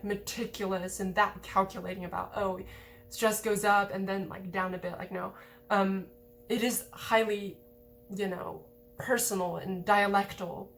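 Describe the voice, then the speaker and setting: A woman's voice: mid-range voice, fairly bright tone, a little hiss or hum. A woman giving a casual lesson over slides, explaining in a chatty way with many fillers. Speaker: language teacher.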